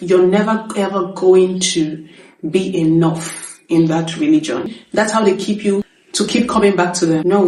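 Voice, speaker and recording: A woman's voice: lowish voice, dark tone. A woman hosting an opinion commentary, speaking firmly and repeating points for emphasis. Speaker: commentary host. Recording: echoey room, distant from mic.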